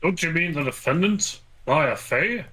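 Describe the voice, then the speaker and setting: A man voicing a slow, doubtful old judge, reading game dialogue in a measured way. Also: fairly high pitch, expressive, background noise, pitched above the performer's own voice. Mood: puzzled.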